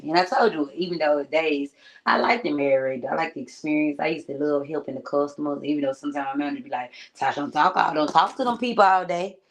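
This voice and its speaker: Young woman vlogger, low voice, casual slangy pep talk straight to camera, keeps saying friend. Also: rough recording. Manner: slangy, conversational, keeps addressing viewers as friend. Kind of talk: casual motivational chat. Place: at home. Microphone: streaming setup.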